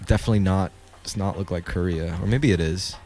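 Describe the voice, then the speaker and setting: Male podcast co-host, lower voice, casual and crude, reacts off the cuff, light music bed. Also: fast talker, darkish tone. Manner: loose, profane, wandering commentary. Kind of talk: casual chat while watching music videos.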